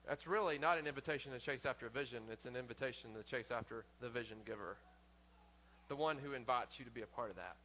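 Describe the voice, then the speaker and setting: Bright-voiced man preaching earnestly. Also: on the high side. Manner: earnest, repeats words and restarts often. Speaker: pastor. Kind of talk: sermon.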